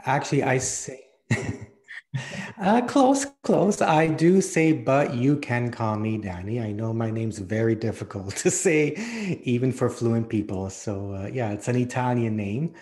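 A man's voice: medium pitch, moderate pace, a little mellow. A man from Canada, a guest in a casual interview, talking in an easygoing way and laughing often. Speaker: podcast host, guest.

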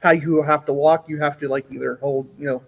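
A man co-hosting a casual gaming podcast, enthusiastic and profane, with halting restarts. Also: a little high, level tone, creaky, highs cut off.

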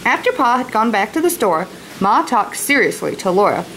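A woman's voice: a little high, big pitch swings, normal speed, a bit bright, poor audio. Chatty teacher woman reading aloud. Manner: chatty asides explaining words. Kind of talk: reading a novel aloud to students. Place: at home, kitchen nearby.

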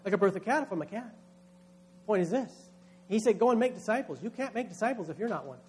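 A man's voice: high-pitched, expressive, quick pace, a little mellow, slight background noise. A man, a pastor, preaching a sermon with emphatic delivery, acting out quoted voices.

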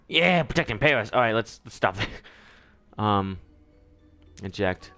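Young male let's player, excitable and loud; bright, animated delivery. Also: a little high, measured pace, faint music behind. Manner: excitable, yelling and laughing at the game. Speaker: gameplay commentator. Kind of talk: let's play commentary.

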